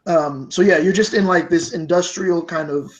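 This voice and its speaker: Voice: mid-range voice, normal speed, rough recording. A game master narrating a tabletop game, with rambling, self-correcting descriptions and many fillers.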